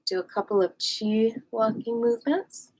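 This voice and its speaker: A woman leading a live qigong class, gushing and encouraging, swooping high on affectionate words. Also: moderate pace, slight background noise, poor audio. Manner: gushing, sing-song, warmly encouraging. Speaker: qigong and yoga instructor. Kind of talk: live online movement class.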